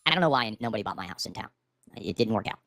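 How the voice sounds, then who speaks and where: A man's voice: fairly low pitch, lively intonation, racing, a bit bright, no echo. A middle-aged man livestreaming from home, ranting bitterly and profanely about his life through a streaming microphone. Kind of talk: livestream rant. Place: at home, seated. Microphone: streaming microphone with auto gain.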